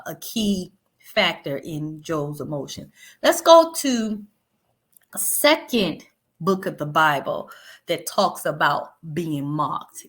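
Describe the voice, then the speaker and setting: A woman leading a Bible study, reading verses aloud and explaining them in a conversational, animated way. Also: low-pitched. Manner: animated, conversational, laughs lightly, paraphrases verses in everyday speech.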